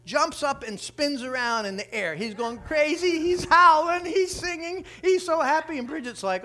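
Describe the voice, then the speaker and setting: A man preaching through an animated, conversational story. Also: extremely high pitch, normal speed, few pauses, slight background noise. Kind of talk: sermon storytelling.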